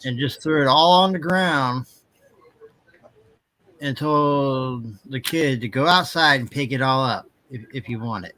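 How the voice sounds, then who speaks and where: A man talking in a casual, mid-pitched voice, complaining as he tells a story. He sounds put out and rambles along. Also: unhurried, pushed and bright, low-quality recording. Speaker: streamer's son. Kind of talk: casual chat.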